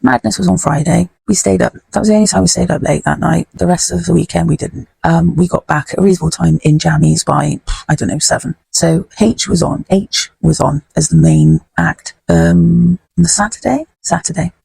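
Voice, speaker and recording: A woman's voice: fairly low pitch, lively intonation, brisk, vocal fry, hardly any pauses, warm tone, breathy edge, dry recording. A woman hosting a podcast, telling a story in a blunt, sweary, rambling way. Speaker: podcast host. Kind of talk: casual podcast chat.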